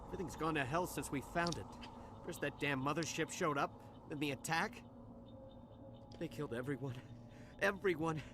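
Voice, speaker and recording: A man's voice: a little high, moderate pace, long pauses, natural voice. An actor playing a nervous male dock worker and smuggler who stammers and gets defensive. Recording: game audio with noise underneath.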